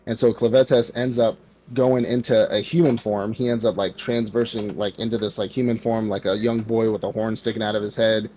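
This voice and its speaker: Over slight background noise, a man with a low, dark voice speaks fairly quickly in a flat delivery, barely pausing. He's a podcast co-host giving a loose recap of an anime, acting out what the characters say with frequent "like" fillers.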